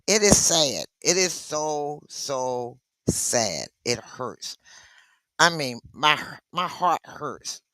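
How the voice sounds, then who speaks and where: A woman's voice: low-pitched, lively intonation, slow pace, a bit bright, dry recording. A woman hosting a live stream in a casual chat, reading viewer comments and reacting with emotion.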